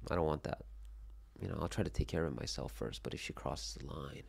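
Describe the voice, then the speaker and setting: Fairly quick and gravelly, his voice pitched extremely low, a young man from Korea runs a casual solo stream reacting to chat. He is animated and jokey, rambles a lot and swears freely.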